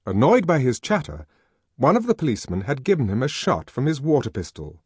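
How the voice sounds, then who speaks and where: A man narrating an audiobook with a dramatic, expressive reading. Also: mid-range voice, fairly quick, breathy edge, no echo, clean studio sound. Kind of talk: scripted narration.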